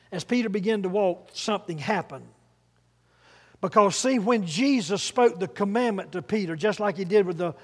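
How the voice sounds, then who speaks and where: A man's voice: high-pitched, darkish tone, long reverb tail. A man preaching a sermon, emphatic and leading the congregation to repeat phrases after him.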